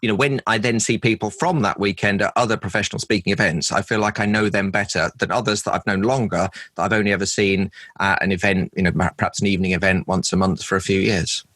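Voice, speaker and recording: A man's voice: lowish voice, fairly even intonation, quick pace, few pauses, fairly bright tone, dry recording, rough recording. A middle-aged comedian from London with a London accent, chatting in a podcast interview about his work, anecdotal and self-deprecating. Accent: London English. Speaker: comedian and former presenter, guest.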